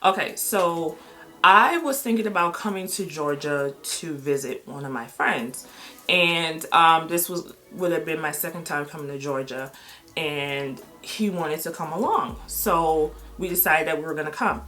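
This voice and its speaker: A woman's voice: low voice, unhurried, pushed and bright, soft background music. A middle-aged woman vlogger telling a personal story in a casual, candid way, blunt and swearing freely.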